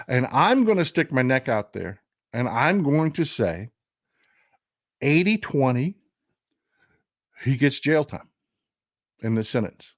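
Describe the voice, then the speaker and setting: A man's voice: medium pitch, very animated, takes it slowly, pauses often, no echo, clean studio sound. A man hosting a livestream of casual political commentary, emphatic and full of repeats and restarts, talking straight to his viewers. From Texas. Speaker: livestream host.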